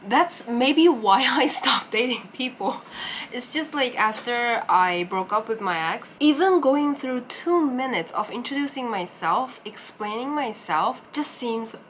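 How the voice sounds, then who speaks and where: A young woman vlogger telling a personal story in a casual, animated way, acting out her own reactions. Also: a little high, slight background noise.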